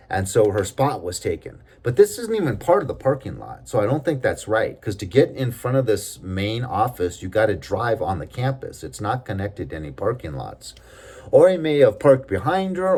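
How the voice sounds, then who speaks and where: A man's voice: on the low side, darkish tone. A man telling a personal story in a casual, rambling way, with growing indignation and plenty of fillers. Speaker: storyteller recounting a workplace experience.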